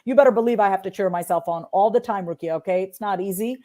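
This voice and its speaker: A woman's voice: medium pitch, fast. A woman from Long Island, New York, talking as a guest in a casual interview and acting out sample tones of voice as she explains. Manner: expressive, acts out sample voices in different tones. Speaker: author and guest.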